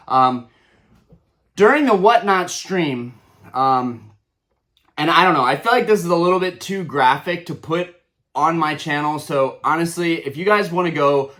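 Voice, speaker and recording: A man's voice: on the high side, fairly bright tone. A young adult man hosting a collector channel, ranting heatedly with lots of fillers and restarts. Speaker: Pokémon card collector channel host. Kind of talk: ranting vlog commentary.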